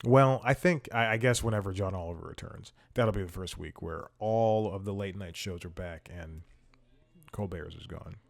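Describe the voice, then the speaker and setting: A man's voice: sits low, moderate pace, gravelly. A man hosting a casual comedy recap show, telling stories in a rambling, self-interrupting way. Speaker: host.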